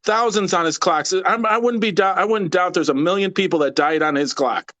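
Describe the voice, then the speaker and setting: A man's voice: high-pitched, a little fast, fairly bright tone, no echo. A man calling into a live show, arguing in an aggravated, rambling way and often restarting his sentences. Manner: aggravated, rambling, repeats himself. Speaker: caller. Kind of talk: heated call-in debate.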